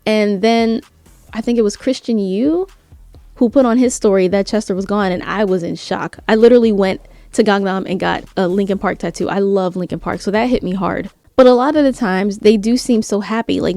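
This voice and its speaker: A woman's voice: medium pitch, moderate pace, warm tone, dry recording, soft background music. A woman vlogger talking earnestly and conversationally to camera, with frequent fillers and restarts. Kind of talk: casual commentary vlog.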